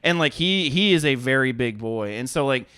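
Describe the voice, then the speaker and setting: A man in his thirties co-hosts a podcast, telling a story in casual chat full of laughter, swearing and acted-out quotes. His voice sits at medium pitch and moves at a moderate, smooth pace. The recording is clean studio sound with no echo.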